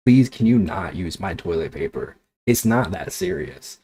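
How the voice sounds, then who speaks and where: A man's voice: low-pitched, big pitch swings, moderate pace, gravelly, hardly any pauses, warm tone, breathy edge, dry recording. A man streaming as a VTuber, ranting casually with exasperation, swearing and sarcasm. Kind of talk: casual livestream chat.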